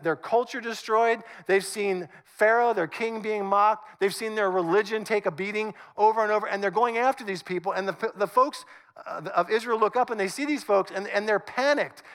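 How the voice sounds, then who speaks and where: Animated high-voiced pastor preaching. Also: male voice. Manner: animated, conversational, acts out scripture. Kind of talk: sermon.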